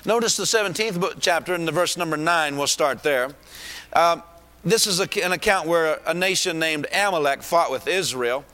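A man preaching a fervent sermon in a high, ringing voice with a sharp, forceful edge. He calls out praise between points and lifts into shouts for emphasis. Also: normal speed.

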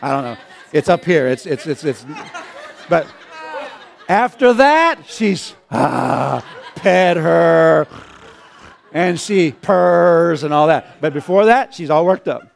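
A man's voice: fairly high pitch, lively intonation, slow, vocal fry, a faint crowd. A male pastor preaching a sermon, often chuckling and calling out to the congregation. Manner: chuckling, call-and-response.

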